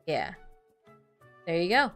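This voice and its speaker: A woman's voice: on the low side, big pitch swings, slow pace, fairly bright tone. A young woman streaming a game, chatting casually, laughing often and swearing as she tells stories. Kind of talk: casual gameplay chat. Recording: faint background music.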